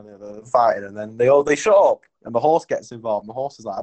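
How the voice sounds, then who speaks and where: A man's voice: mid-range voice, fast, darkish tone, poor audio. A young man co-hosting a podcast, telling a rambling comic story with lots of giggles. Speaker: podcast co-host.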